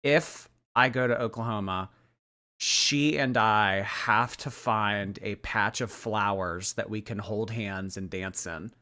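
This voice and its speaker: A man's voice: fairly low pitch, slow, sharp tone. A man hosting a livestream, giving sarcastic, chatty commentary and thanking viewers. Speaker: livestream host. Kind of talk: casual commentary stream.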